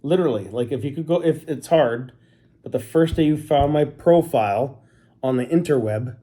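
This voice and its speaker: A talkative man from Canada chatting casually with his wife, quick to joke and poke fun at himself. His voice sits at an ordinary middle pitch, and he rambles from one story to the next. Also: mellow. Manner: chatty, joking, self-deprecating. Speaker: co-host. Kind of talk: casual couple chat.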